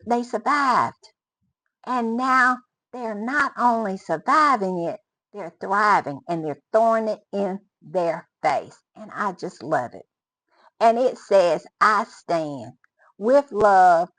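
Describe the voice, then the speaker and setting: A woman's voice: mid-range voice, fairly bright tone, no echo, low-quality recording. Emphatic woman host with a drawl. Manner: emphatic, repeats phrases, laughs often. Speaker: commentary channel host. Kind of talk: casual commentary.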